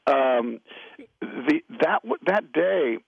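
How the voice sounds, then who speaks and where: Gravelly man, middle-aged, from California, rambling laid-back storyteller, dull lo-fi radio sound. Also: a little high, animated, very slow, no room sound. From California, USA. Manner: laid-back, rambling anecdotes with many restarts. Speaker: guest actor.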